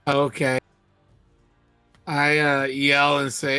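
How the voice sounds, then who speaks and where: A man playing in a tabletop game, asking questions in halting, casual speech. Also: mid-range voice, pushed and bright, soft background music. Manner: inquisitive, halting restarts. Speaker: player.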